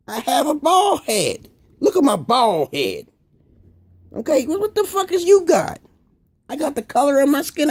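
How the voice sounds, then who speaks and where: A man in a profane, rambling video monologue, dropping to low mutters and then jumping to high exclamations. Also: a little mellow. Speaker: video blogger. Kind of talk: casual ranting monologue.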